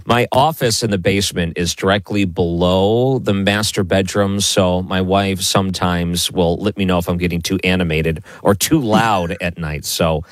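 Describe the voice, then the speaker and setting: A man's voice: low voice, fairly even intonation, moderate pace, few pauses, dry recording. A man hosting a late-night radio talk show, chatting in a friendly way and sometimes stumbling over his words. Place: home basement office.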